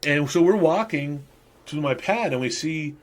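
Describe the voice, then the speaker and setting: A man's voice: fairly high pitch, expressive, a little slow. A man in his fifties, a podcast host, rambling through crude stories in casual monologue and laughing at himself.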